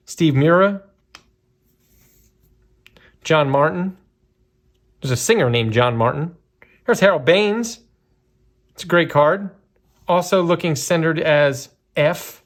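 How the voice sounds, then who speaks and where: Chatty, excitable man unboxing cards. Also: a little high. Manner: chatty, excitable, many fillers. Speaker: card breaker. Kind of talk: casual unboxing commentary.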